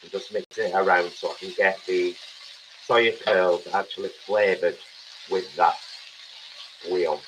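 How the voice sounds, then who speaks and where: Casting: man, fairly low voice, chatty live-stream cook, faint kitchen hum behind. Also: steady tone, measured pace, long pauses, poor audio. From England. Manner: chatty, playful, talks while cooking. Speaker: cooking show co-host. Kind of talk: live cooking stream chat. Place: home kitchen.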